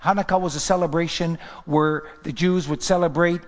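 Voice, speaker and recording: A man's voice: on the high side, steady tone, moderate pace. A man preaching a sermon as pastor, fervent and emphatic. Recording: long hall reverb.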